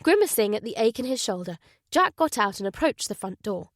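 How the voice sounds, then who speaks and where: A woman reading a thriller audiobook in an even, measured narration. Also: medium pitch, no echo, studio quality. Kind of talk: scripted narration.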